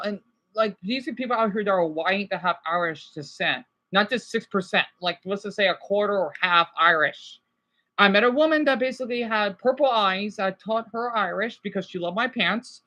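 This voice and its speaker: A man's voice: high voice, moderate pace, sharp tone, highs cut off. Rambling man chatting on a livestream. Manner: rambling, jumps between topics, swears casually. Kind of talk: casual livestream chat.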